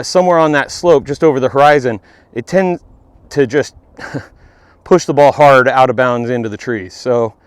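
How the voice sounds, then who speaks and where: A man's voice: a little high, no echo. A man vlogging his own round of golf outdoors, talking to the camera between shots, self-deprecating and now and then out of breath. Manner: self-deprecating, talks to the camera while playing. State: out of breath at times. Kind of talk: casual on-course commentary.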